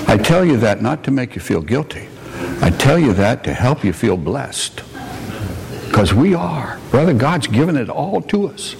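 Gravelly-voiced man preaching in reverberant church. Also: medium pitch, big pitch swings, unhurried. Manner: plainspoken, warm asides to the congregation. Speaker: preacher and missionary. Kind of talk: folksy sermon storytelling. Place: church sanctuary. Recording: long church reverb, faint noise.

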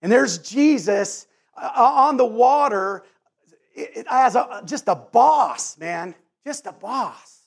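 A male pastor delivers a sermon in a fairly high voice. He speaks earnestly, often stumbling and restarting his phrases as he gathers his thoughts. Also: lively intonation, breathy edge. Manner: earnest, halting with many restarts and repeated words.

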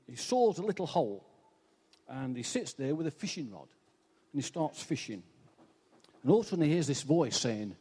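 A man with an English accent giving a sermon, telling a joke story and reading scripture with dramatic pauses. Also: breathy edge. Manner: lively, swinging pitch, dramatic pauses. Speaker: church speaker. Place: church hall. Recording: reverberant church hall.

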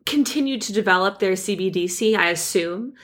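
A woman in her thirties co-hosting a podcast, explaining in a relaxed, plain way and laughing easily. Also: medium pitch, fairly quick. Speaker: podcast co-host, crypto analyst. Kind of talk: casual expert chat.

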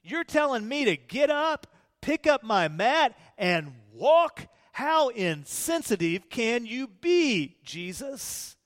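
A man voicing a bitter, long-sick man who complains loudly in disbelief, with a long hall echo. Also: extremely high pitch, big pitch swings, extremely slow, hardly any pauses, voice pushed up, full character voice. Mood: incredulous. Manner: whiny, incredulous, raised voice.

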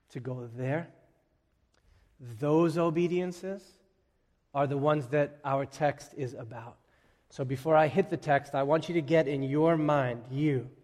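A pastor giving a sermon in a conversational, humorous storytelling way, acting out what people might say. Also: male voice, fairly high pitch, a little mellow, big-room sound.

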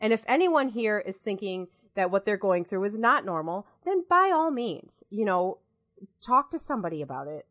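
A woman's voice: mid-range voice, very animated, moderate pace, fairly bright tone. A woman chatting casually, talking in an earnest and reassuring way with lots of fillers. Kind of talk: casual chat.

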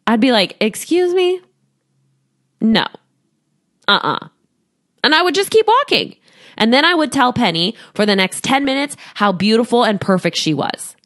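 A woman in her thirties hosting a solo podcast as a coach, talking to a studio microphone, animated, often laughing and acting out quoted voices. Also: a little high, normal speed.

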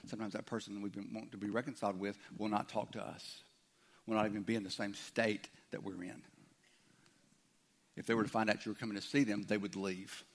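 Male pastor, low gravelly voice, informal conversational sermon. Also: level tone, fairly quick. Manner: conversational, acts out imagined listeners' objections.

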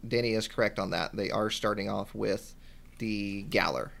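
A man co-hosting a casual podcast, talking in a relaxed way with frequent ums and restarts. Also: on the low side, normal speed, vocal fry. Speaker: podcast co-host. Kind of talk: casual chat.

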